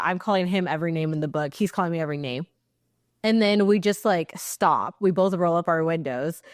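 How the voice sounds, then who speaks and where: A young woman from Texas, a podcast co-host, telling a road-rage story in casual chat, swearing freely and acting out the quotes with big jumps in pitch. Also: a little fast, no echo, studio quality.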